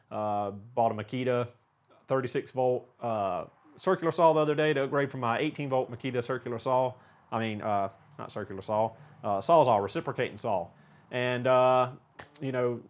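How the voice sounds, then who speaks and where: A middle-aged man with a Southern US accent, a car mechanic answering viewer questions in a casual, rambling way, full of "uh" fillers. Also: medium pitch. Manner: folksy, rambling, frequent "uh" fillers. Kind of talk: casual Q&A talk.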